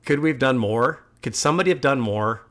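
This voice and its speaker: A man hosting a music reaction video, talking in earnest, musing and at times getting heated and loud. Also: medium pitch, fairly quick, heavy background noise. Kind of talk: casual reaction commentary.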